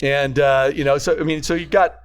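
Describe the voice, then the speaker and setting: An older man and grandfather, co-hosting a podcast and telling stories in a casual chat, animated and often laughing as he talks. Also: fairly high pitch, brisk, smooth. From California. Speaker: podcast co-host.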